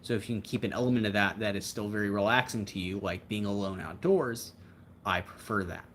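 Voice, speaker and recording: Man, livestream host, casual chat, rambling, reflective, fairly low voice. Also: brisk, fairly bright tone, a little hiss or hum.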